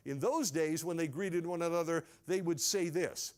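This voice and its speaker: High-voiced man telling a sermon story. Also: normal speed, few pauses. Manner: animated, acts out scenes in first person. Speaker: pastor.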